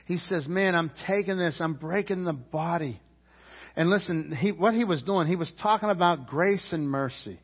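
A man preaching a sermon as pastor, emphatic, swinging from loud climbs to low quiet drops. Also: moderate pace, slightly rough. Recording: roomy church hall, dull lo-fi sound.

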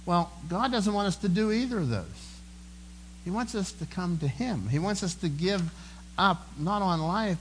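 A man's voice: high-pitched, slight background noise, rough recording. A man preaching a sermon in an earnest, conversational way, often repeating words as he goes. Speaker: pastor.

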